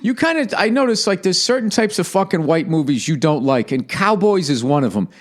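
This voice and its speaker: A man's voice: sits high, expressive, fairly quick. A man in his forties hosting a podcast, chatting casually in a blunt, profane, joking way. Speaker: podcast host. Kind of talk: casual rambling chat.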